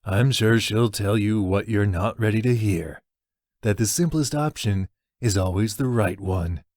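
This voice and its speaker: A man's voice: on the low side, unhurried, no echo, studio quality, close to an everyday voice. A man voicing a big, scornful male rival who speaks with sneering impatience. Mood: dismissive. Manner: sneering and sharp.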